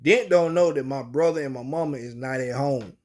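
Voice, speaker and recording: A man's voice: mid-range voice, a little fast, darkish tone. A man telling a personal story in casual, slangy, colloquial speech.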